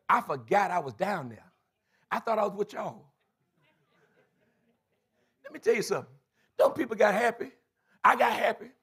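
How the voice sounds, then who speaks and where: A husky-voiced male bishop preaches in church, breaking into shouts and call-outs to the congregation. His voice sits high and swoops widely up and down as he acts out the voices he quotes. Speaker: bishop and pastor. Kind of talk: sermon. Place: church sanctuary.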